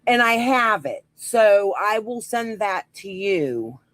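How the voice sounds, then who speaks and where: Animated, indignant woman in casual talk. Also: mid-range voice, takes it slowly, no room sound, poor audio. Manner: animated, indignant, swears freely. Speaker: guest in conversation. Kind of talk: casual conversation.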